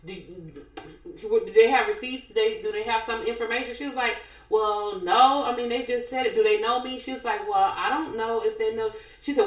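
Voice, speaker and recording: A podcast co-host with a fairly high voice and moderate pace tells reality TV gossip in casual banter, acting out the quotes with animation. The recording is low-quality and the room echoes.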